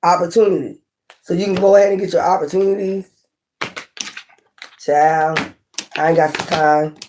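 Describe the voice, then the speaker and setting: A woman's voice: on the low side, fairly even intonation, moderate pace, a little mellow, a little hiss or hum. A woman giving a casual tarot reading to camera, blunt and profane, talking with passion, repeating points and asking her viewers questions. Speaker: tarot reader.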